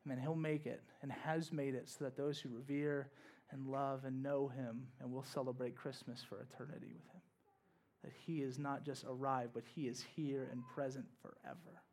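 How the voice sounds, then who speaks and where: Here the young pastor sounds medium-pitched and darkish, with a flat delivery at normal speed. His sermon stays conversational, mixing casual asides with rising bursts of energy.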